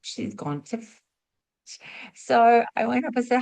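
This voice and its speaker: A middle-aged woman, a spiritual teacher and former nurse, telling stories as a lesson and asking rhetorical questions, moving between lively and hushed delivery. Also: fairly high pitch, measured pace, creaky. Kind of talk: storytelling teaching talk.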